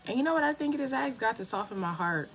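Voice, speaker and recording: A woman's voice: on the high side, expressive, very fast, soft background music. Chatty young woman vlogging her makeup. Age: young adult. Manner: chatty, slangy, encouraging. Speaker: beauty vlogger. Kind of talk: casual get-ready-with-me chat. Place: home, indoors.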